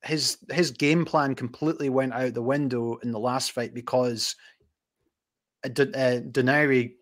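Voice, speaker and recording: Guy hosting a casual chat, average pitch, rambly, keeps restarting sentences. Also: steady tone. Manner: chatty, rambling, quick restarts. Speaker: host.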